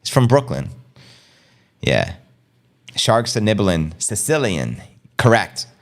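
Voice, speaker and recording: A middle-aged American man hosting a casual crypto livestream, energetic and slangy, reading and answering viewer comments. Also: fairly low pitch. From United States. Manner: energetic, fast-paced, slangy.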